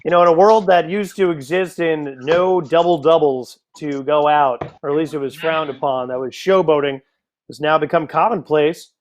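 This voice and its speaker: A man's voice: on the high side, normal speed. A man from the United States doing live darts commentary, chatty and joking in asides to viewers.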